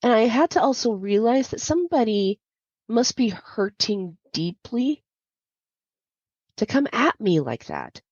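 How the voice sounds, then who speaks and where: A woman's voice: on the high side, sing-song, unhurried, darkish tone, slightly rough, no echo. A woman hosting a podcast, telling a personal story in a candid, confiding way with many fillers. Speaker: podcast host. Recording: dull lo-fi dry sound.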